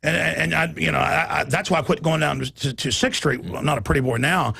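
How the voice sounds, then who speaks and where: A middle-aged man hosts a heated talk-radio conversation, his voice gravelly and husky. He rants emphatically and keeps stumbling into restarts as his thoughts race ahead of his words. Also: on the high side, fairly even intonation, fast, sharp tone, dry recording, studio quality. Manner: emphatic, ranting, stammers and restarts. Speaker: talk show host.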